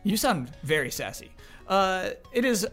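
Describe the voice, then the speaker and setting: A man hosting a casual podcast, joking his way through listener mail and corrections. His voice sits high and swings widely in pitch, animated throughout. Faint music plays underneath. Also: unhurried. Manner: animated, joking host reading a listener question. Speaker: podcast moderator.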